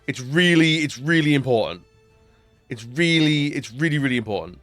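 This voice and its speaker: A man's voice: on the high side, animated, normal speed, fairly bright tone, no room sound, faint music behind. A man putting on a mocking impression of a male film director, whining and repeating himself insistently. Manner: whiny, repetitive insistence. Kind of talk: casual impression on a live stream.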